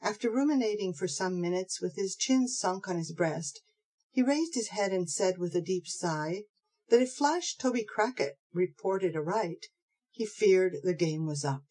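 A woman narrating an audiobook of a classic novel in a steady, measured way. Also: medium pitch, breathy edge, poor audio. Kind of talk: scripted narration.

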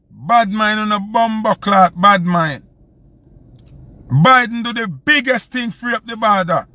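A Jamaican man with a Jamaican accent hosts a live stream, ranting heatedly and repeating his points for emphasis. His voice sits high and sounds pushed and bright, with no echo.

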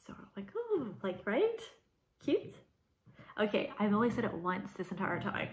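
A woman teacher giving a casual, animated video lecture, talking with lots of fillers. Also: mid-range voice, normal speed. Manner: chatty and animated, many fillers. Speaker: high school English teacher. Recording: roomy echo.

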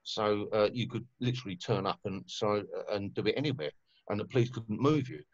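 A low-voiced man rambles through his stories, full of fillers and casual swearing. His voice comes through a dull, lo-fi call line with a dry, close sound. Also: brisk, dry recording. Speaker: guest musician. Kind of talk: casual conversation.

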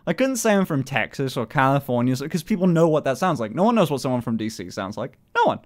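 A British man in a casual live-stream chat, talking in an animated way, swearing a lot and laughing often. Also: medium pitch, fast talker.

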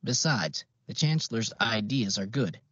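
A man reading a novel aloud as an audiobook narrator, in a measured, even way. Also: lowish voice, breathy edge, no room sound. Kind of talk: scripted narration. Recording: dull, dry lo-fi recording.

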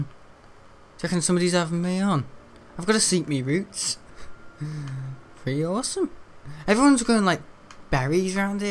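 Teenage lad, gaming commentary, rambling and chatty, slightly higher voice, faint noise behind. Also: male voice. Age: teens. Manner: rambling, chatty, laughs often. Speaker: gaming video host. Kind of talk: casual let's-play commentary.

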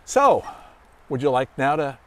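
A middle-aged man, a search and rescue dog handler, who praises his dog in a silly high voice and explains calmly to children. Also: measured pace. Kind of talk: demonstration for children.

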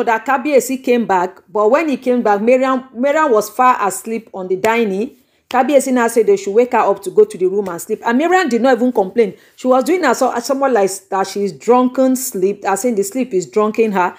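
Here the Nigerian-accented young woman, a YouTube host, sounds fairly high-pitched and brisk as she recounts gossip in an animated, exclamation-filled storytelling style, recorded on a microphone.

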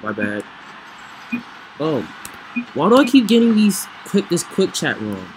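A man giving excitable let's play commentary, reacting loudly to the plays. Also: high voice, measured pace. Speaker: gamer. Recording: noisy with game sounds behind.

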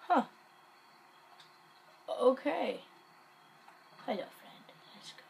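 A woman giving casual gameplay commentary, excitable and jokey, muttering and whispering to herself. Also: high voice, very slow, vocal fry, slight background noise, poor audio.

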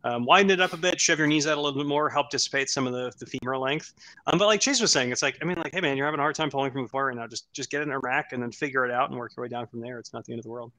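Male co-host, crisp bright voice, chatty and joking, loose podcast delivery. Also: mid-range voice, racing. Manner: chatty, joking, many fillers and restarts. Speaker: strength coach co-host. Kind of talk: casual podcast chat reviewing lifts.

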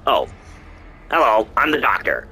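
A man's voice: lowish voice, huge pitch swings, a little slow, pushed and bright, husky, heavily acted, poor audio. Man doing a showy mad doctor. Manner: showy, teasing. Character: flamboyant mad doctor with shocks.

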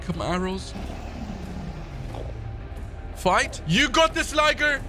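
A male streamer giving excitable gaming livestream commentary, talking to his chat and shouting when he panics. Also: extremely high pitch, slow, pauses often.

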